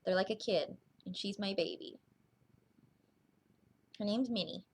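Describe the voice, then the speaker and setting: A young woman talks straight to her viewers in a heartfelt vlog. Her voice sits at a middling pitch with a gravelly fry running through it. She speaks earnestly and reassuringly, slowing down and restarting words as she goes. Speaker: vlogger. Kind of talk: heartfelt direct-to-camera vlog.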